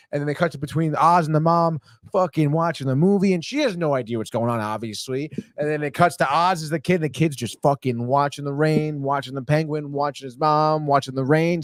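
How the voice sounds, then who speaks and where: A man's voice: a little high, a little fast, no echo, studio quality. A man hosting a podcast, recapping a TV episode in a rambling, profane, casual way and saying "dude" a lot. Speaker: podcast host.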